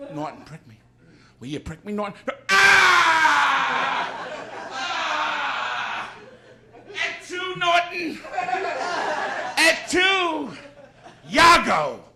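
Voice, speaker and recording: A stand-up comedian playing a blustering loudmouth comic man hamming up Shakespeare, with bombastic bellowing. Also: very high voice, gravelly, exaggerated voice. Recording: noisy live audience laughter.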